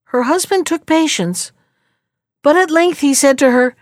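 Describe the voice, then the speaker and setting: A woman reading a fairy tale aloud in an expressive, unhurried storytelling manner. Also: high voice, dry recording, clean studio sound.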